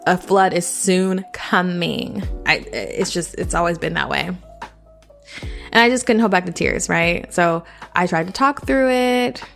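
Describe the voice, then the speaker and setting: A woman's voice: on the low side, gravelly, fairly bright tone. A woman hosting a podcast, giving frank, chatty advice and often checking in with the listener. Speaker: podcast host. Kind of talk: casual advice monologue.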